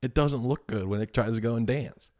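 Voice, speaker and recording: A man's voice: medium pitch, brisk, a little mellow. A man guesting on a podcast in casual chat, laid-back and self-deprecating, often laughing. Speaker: podcast guest, cooking creator.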